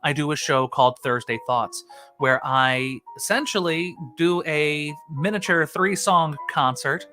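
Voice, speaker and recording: A man's voice: on the high side, unhurried, faint music behind. A man hosting his own live stream, chatting casually with many "uh" fillers. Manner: chatty, frequent "uh" fillers, relaxed.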